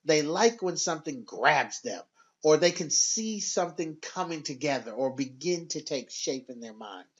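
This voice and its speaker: A man giving a scripted sales training narration in an instructive, measured and emphatic way. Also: fairly high pitch, lively intonation, muffled recording.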